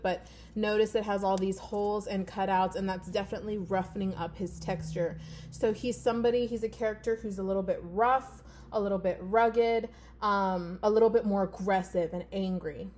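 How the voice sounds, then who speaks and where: A woman speaks in a loose, conversational teaching voice, pitched in an ordinary middle range. She talks straight to her students at home, encouraging them and pausing often on "um" as she explains. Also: a little mellow, a little hiss or hum. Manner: chatty and encouraging, with frequent "um" fillers. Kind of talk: casual video lesson to students at home.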